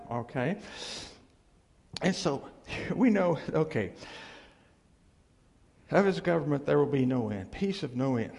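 A man's voice: on the high side, creaky, darkish tone. A man preaching a conversational sermon in a church hall, repeating phrases for emphasis and checking in with the audience with "okay?" and "see?". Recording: long hall reverb.

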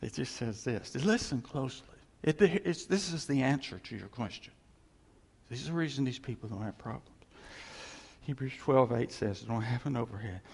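Preacher, male, lively swooping delivery, slightly high voice; long reverb. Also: moderate pace, vocal fry, breathy edge. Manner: animated preaching, conversational asides. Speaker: pastor. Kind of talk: sermon.

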